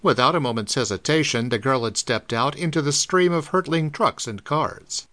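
A man narrating a pulp mystery audiobook in a dramatic, expressive reading. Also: medium pitch, normal speed. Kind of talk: scripted narration of pulp fiction.

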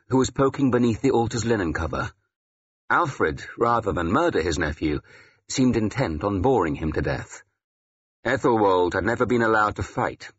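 A man narrating a historical novel in the first person, in a measured, dry storytelling manner. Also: lowish voice, fairly bright tone, slightly rough, lo-fi sound. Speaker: audiobook narrator.

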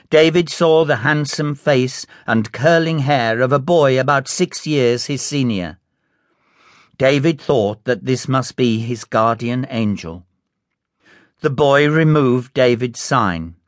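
A man reads a classic novel aloud in a measured, unhurried manner. His voice sits at a middle pitch and moves at a slow, careful pace. The recording is close and dry, with no room sound. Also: no room sound. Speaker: audiobook narrator. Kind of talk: scripted narration.

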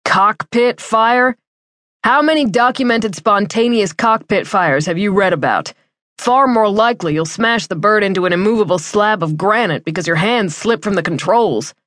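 A woman's voice: mid-range voice, expressive, normal speed, a bit bright, no echo, clean studio sound, natural voice. A woman voicing a cocky veteran male helicopter pilot who teases and scoffs at his junior officer in an audiobook. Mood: scoffing. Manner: teasing, scoffing.

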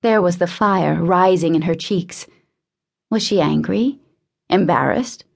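A woman narrates a novel in a measured, intimate tone. Her voice sits slightly low. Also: vocal fry, darkish tone, slightly rough. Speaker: audiobook narrator. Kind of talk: scripted narration.

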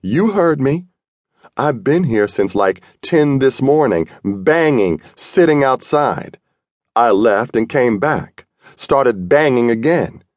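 A male audiobook narrator voicing a frantic, paranoid young woman who yells and accuses. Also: animated, takes it slowly, dry recording, clean studio sound. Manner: loud, accusing, high-strung.

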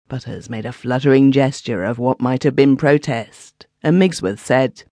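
A man narrating a classic story as an audiobook narrator, in a measured, lively storytelling manner. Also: mid-range voice, vocal fry, no room sound. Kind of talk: scripted narration.

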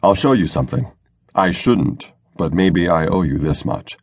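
A man's voice: low-pitched, expressive, moderate pace, darkish tone, no echo. A man voicing a weary, resigned male governor in an audiobook. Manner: tired, resigned. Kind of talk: audiobook narration.

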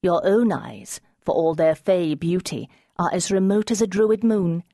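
A woman's voice: fairly low pitch, animated, moderate pace, darkish tone, no echo. A woman narrator voicing an earnest young woman who senses the truth in others, her voice lifted and urgent, at times dry, in a storybook reading.

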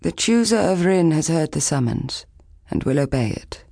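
A woman's voice: extremely low pitch, measured pace, gravelly, warm tone, dry recording, studio quality, full character voice. Woman playing a firm, commanding old village elder. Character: stern old village woman leaning on a stick.

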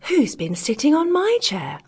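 A woman's voice: sits high, huge pitch swings, measured pace, pitched above the performer's own voice, full character voice. A woman reading an audiobook, voicing a cross, middling-sized mother bear with a raised, indignant question.

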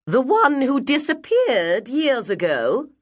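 A woman's voice: wildly swooping pitch, heavily acted. A woman voicing a prim, sanctimonious woman guardian who scolds a child, reading an audiobook. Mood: sour, stern. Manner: shrill, preachy, slow and deliberate.

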